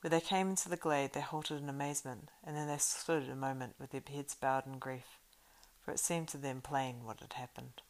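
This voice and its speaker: A woman reads a storybook aloud in a steady voice that now and then stumbles over a word. Her voice sits low and carries a gravelly fry. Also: normal speed, hardly any pauses, poor audio. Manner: steady reading with small stumbles. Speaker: reader. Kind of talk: storybook read-aloud narration.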